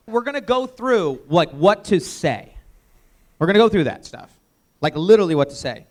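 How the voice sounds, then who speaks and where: High-voiced man leading a sales workshop. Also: a little fast. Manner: energetic, emphatic, asks the audience questions. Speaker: workshop presenter. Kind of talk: live training talk to an audience.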